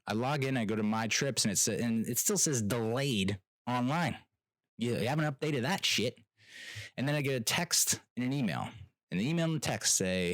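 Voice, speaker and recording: A young adult man, hosting a podcast and telling an exasperated, animated story that mimics other people. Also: mid-range voice, dry recording. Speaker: podcast host. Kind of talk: casual ranting monologue.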